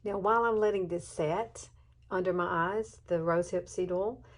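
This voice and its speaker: A tired woman, chatting softly and at times haltingly through a makeup tutorial at home. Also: fairly low pitch. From southern United States. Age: 50s. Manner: soft-spoken, hesitant, emotional at times. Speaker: beauty vlogger. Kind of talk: casual makeup tutorial chat.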